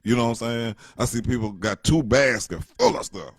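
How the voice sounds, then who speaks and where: A man's voice: medium pitch, lively intonation, fairly quick, no room sound, clean studio sound. A middle-aged man telling a rambling, joking story in casual slang. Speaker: vlogger.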